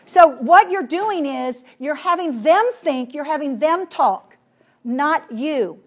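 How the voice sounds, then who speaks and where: A woman with a high voice leads a hands-on workshop for teachers. She talks in an animated way and slips into playful voices to show how children answer. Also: slow pace. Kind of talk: classroom workshop talk.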